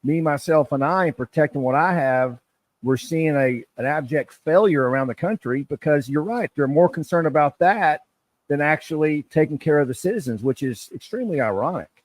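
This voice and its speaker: A man's voice: fairly high pitch, animated, moderate pace, no echo. A man hosting a podcast, asking questions in an emphatic, conversational way. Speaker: podcast host, former officer. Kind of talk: interview questions.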